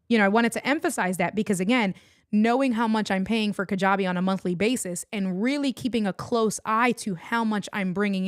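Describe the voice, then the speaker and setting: A woman's voice: medium pitch, dry recording, studio quality. Chatty woman hosting a livestream. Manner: chatty, laughing, talking to chat viewers. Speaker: livestream host and online entrepreneur. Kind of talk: casual livestream chat.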